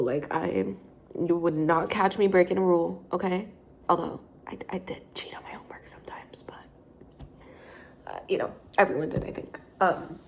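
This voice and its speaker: A tired, hungover woman in her twenties chatting casually while she makes coffee at home, rambling with lots of fillers and self-corrections. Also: mid-range voice. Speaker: vlogger. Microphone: phone held low.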